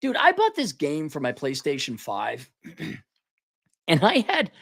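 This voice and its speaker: Man, podcast host, ranting monologue, sarcastic, crude, mocks companies, clears throat often. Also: on the high side, huge pitch swings, unhurried, a bit bright.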